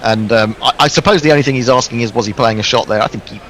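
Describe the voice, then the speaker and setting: A man's voice: medium pitch, rapid-fire, fairly bright tone, a little hiss or hum, rough recording. A man co-commentating on cricket in a chatty, self-deprecating way, reading out listener messages.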